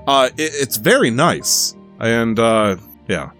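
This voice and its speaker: A man in his casual podcast-host voice, joking and teasing his friends with easy laughs. His pitch sits in the middle range. A faint bed of music plays under the talk. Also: sing-song, slow, a bit bright. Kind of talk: casual chat.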